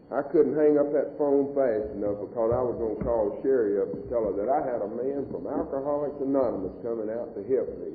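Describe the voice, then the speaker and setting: A man's voice: mid-range voice, a little fast, few pauses, a little hiss or hum. A middle-aged man telling his recovery story at a meeting, plain-spoken and folksy. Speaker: AA meeting speaker. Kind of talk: personal recovery testimony. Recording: echoey hall on a tinny old tape.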